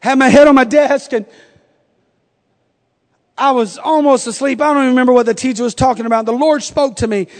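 High-voiced male preacher in a reverberant church. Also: fairly quick, long pauses. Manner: conversational storytelling with humorous asides. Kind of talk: sermon. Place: church sanctuary. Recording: long hall reverb.

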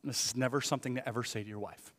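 A male pastor preaching a conversational sermon. He swings from hushed asides to loud, emphatic peaks and asks the congregation many rhetorical questions. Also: medium pitch, fairly even intonation, racing. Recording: long hall reverb.

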